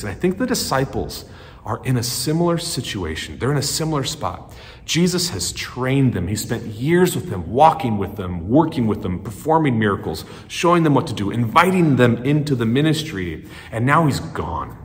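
A male pastor preaching a sermon in a conversational storytelling way, animated and acting out quotes. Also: lowish voice, normal speed. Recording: long church-hall reverb.

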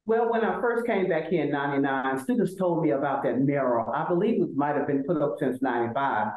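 An older woman from Selma, Alabama with a Southern accent, speaking as a guest in an interview, animated and emphatic, often repeating words as she builds a point. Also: low-pitched, brisk. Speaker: law school administrator, guest. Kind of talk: conversational interview. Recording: echoey room.

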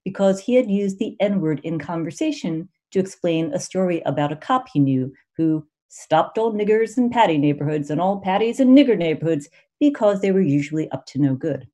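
Low, mellow woman reading an essay. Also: animated, normal speed. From United States. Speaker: MFA student reader. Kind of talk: reading her own essay aloud.

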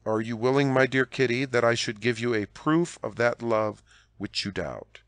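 A man voicing a charming, cunning young soldier who speaks in smooth, flattering tones. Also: mid-range voice, moderate pace, no room sound, clean studio sound, close to an everyday voice. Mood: coaxing.

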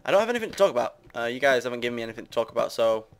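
Very fast and very animated, this mid-range male voice belongs to a young British gamer doing a casual Let's Play of a building game. He rambles, mocks himself, and jokes around with the people watching.

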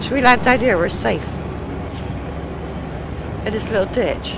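A British woman gives excitable let's play commentary over game music, swearing and shrieking at the action. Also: fairly high pitch, measured pace, gravelly, noisy background. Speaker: gamer.

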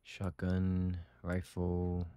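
A man's voice: deep voice, monotone, very slow, dark tone, clean tone, dry recording. A man streaming a game from home, chatting and giggling as he reacts to what happens on screen. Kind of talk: live gameplay commentary. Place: home with pet birds chattering.

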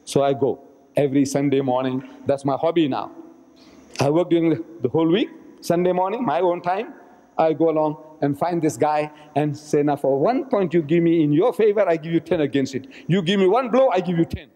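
A man with a fairly high voice tells a story in a religious lecture, acting out the speakers he quotes with dramatic flair. He is recorded in an archive recording of a mosque, and his voice rings with a long hall reverb. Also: fairly quick, mellow.

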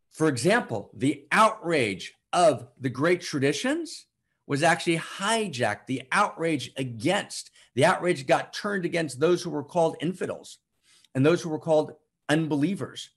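A man giving impassioned spiritual teaching, emphatic and repetitive, swinging from loud declarations to hushed, slow passages. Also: fairly high pitch, lively intonation, husky. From United States. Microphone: online broadcast to a live chat.

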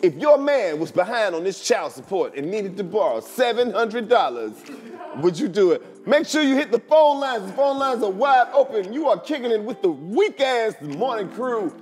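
A man putting on the voice of an over-excited morning radio show host, shouting his lines and cackling. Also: in a large hall. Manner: high, shouting hype delivery with forced laughter.

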